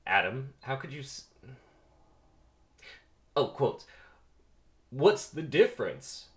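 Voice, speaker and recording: A man's voice: medium pitch, very animated, slow pace. A man voicing a questioning, incredulous young male bee.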